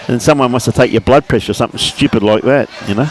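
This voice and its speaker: A man's voice: mid-range voice, normal speed, a little hiss or hum. A man giving casual, laid-back bowls commentary, calling everyone mate and buddy. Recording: outdoors at a bowls green.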